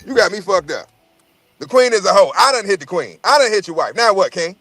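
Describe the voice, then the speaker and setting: A man's voice: sits high, sing-song, brisk, a bit bright, no echo. A man in casual chat, telling profane, rambling stories and repeating his words as he goes.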